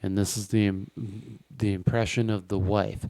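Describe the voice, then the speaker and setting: A man chats as a guest on a comedy podcast, slow and rambling, with many halting restarts. His voice is clear and smooth, and the room sounds dry. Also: on the low side, little pitch movement, warm tone, no room sound. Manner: rambling, halting, full of fillers. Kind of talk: casual chat.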